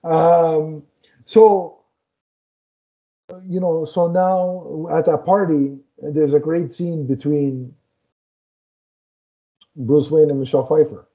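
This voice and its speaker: A man's voice: fairly high pitch, fairly even intonation, slow pace, long pauses, mellow. A man co-hosting a casual chat podcast, retelling film scenes and acting out the characters' lines. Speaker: podcast co-host. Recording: dull lo-fi audio.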